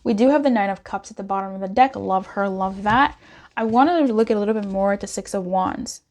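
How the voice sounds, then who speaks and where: A woman doing a casual pick-a-card tarot reading, chatty and expressive as she talks straight to the viewer. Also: medium pitch, fairly quick, a little hiss or hum. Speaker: tarot reader.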